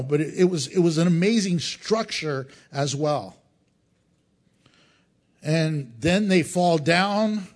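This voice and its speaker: A middle-aged male pastor preaching a sermon, animated and joking, acting out crowd voices as he goes. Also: a little high. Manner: animated, acts out crowd voices, jokes and chuckles.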